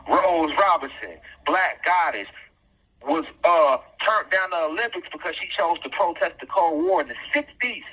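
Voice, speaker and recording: Guy going off, preachy, keeps repeating himself, bright husky voice, kinda high. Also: expressive, moderate pace, poor audio. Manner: preachy, repetitive, emphatic, rhetorical questions. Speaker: self-styled activist commentator. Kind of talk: impassioned monologue rant.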